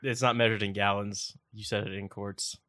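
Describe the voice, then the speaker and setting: A man's voice: lowish voice, level tone, moderate pace, bright, forceful tone, no room sound, clean studio sound. A man playing a tabletop game, cracking jokes and arguing about small details. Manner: wisecracking, argumentative. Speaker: player. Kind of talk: casual tabletop game chat.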